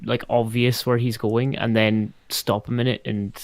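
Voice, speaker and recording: Male player, casual, tentative thinking aloud, mid pitch, dry sound. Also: flat delivery, a little slow, dry recording. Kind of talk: casual chat at a tabletop game.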